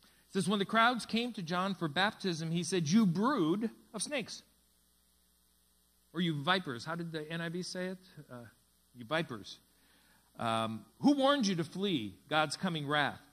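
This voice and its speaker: A man's voice: fairly high pitch, measured pace. A man preaching a sermon as pastor, telling a story and acting out its dialogue. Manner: tells a story, reading dialogue with lively voices. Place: church sanctuary.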